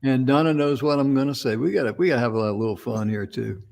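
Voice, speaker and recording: A man's voice: mid-range voice, fast talker, vocal fry, darkish tone. Folksy man telling a rambling story. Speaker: co-host. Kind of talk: casual talk show chat.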